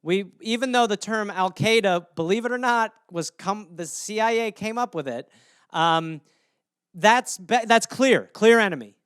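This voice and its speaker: Brief: animated comedy host, a man with a high, lively and crisp voice, profane casual riffing, dry close sound. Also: unhurried, no echo.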